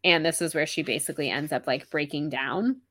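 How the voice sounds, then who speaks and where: A woman's voice: low voice, brisk, no echo. A woman co-hosting a casual book podcast, recapping chapters and acting out the characters' lines, laughing often. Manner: animated, acts out characters' lines while recapping. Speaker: podcast co-host. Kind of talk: casual book club chat.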